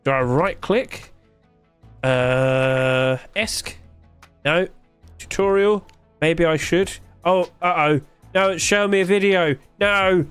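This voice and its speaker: A man's voice: a little high, slow, a bit bright, smooth, soft background music. A man giving casual gameplay commentary, thinking aloud, puzzled and joking, with plenty of fillers. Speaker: streamer playing a game.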